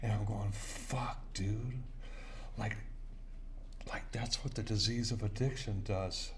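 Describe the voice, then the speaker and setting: A man's voice: fairly low pitch, steady tone, measured pace, fairly bright tone, slight background noise. A middle-aged man, sharing his recovery story at a meeting in an intense, profane, repetitive way. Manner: intense, profane, repeats himself. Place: recovery center meeting room.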